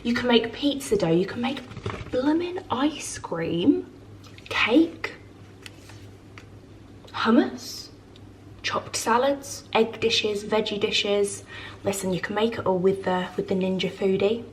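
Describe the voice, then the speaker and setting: A woman's voice: mid-range voice, animated, slow pace, pauses often, slight background noise. A young woman chatting casually to camera about her home and family, full of fillers and gushing asides. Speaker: lifestyle vlogger. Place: home with farm animals nearby.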